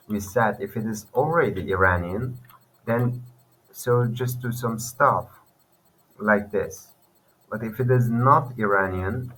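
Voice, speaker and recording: Slow, low-voiced man explaining code. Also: a bit bright, slight background noise, low-quality recording. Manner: halting, thinking aloud with fillers and restarts. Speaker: programming tutor. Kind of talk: screen-recorded coding tutorial.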